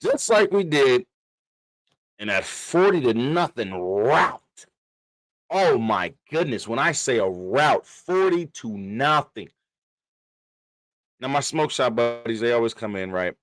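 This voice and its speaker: Laughing, trash-talking sports host. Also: male voice, mid-range voice, sing-song, slow, pauses often, a bit bright, no room sound. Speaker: podcast host. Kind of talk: casual sports chat.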